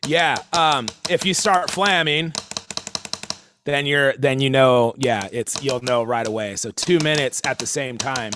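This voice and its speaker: A man's voice: mid-range voice, a little slow, background noise. A man leading a livestream drum lesson, talking casually as he explains stickings and counts the group in. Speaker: drum instructor.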